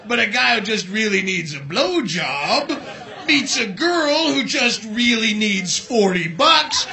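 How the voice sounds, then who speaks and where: A male stand-up comedian delivering a profane, sarcastic rant with shouted bursts, on a club stage with a handheld mic. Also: sits high, very animated, slow pace, a crowd in the background.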